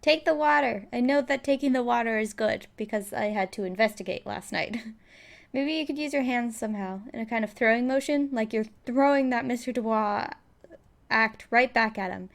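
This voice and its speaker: Playing a game, this woman reads the on-screen text aloud, laughs a lot, and keeps her commentary casual and playful. Her voice is on the high side with vocal fry, and she talks at normal speed.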